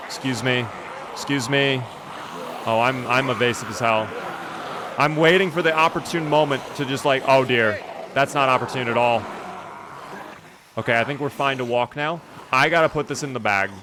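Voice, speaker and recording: A man streaming a game live, commenting in an animated, jokey way and talking to his chat. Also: mid-range voice, moderate pace, pauses often, background noise.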